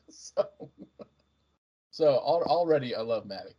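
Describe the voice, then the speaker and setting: A man's voice: mid-range voice, moderate pace, dark tone, husky. A man co-hosting a casual podcast, chatting about trivia, on a muffled recording. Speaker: podcast co-host. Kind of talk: casual recap chat.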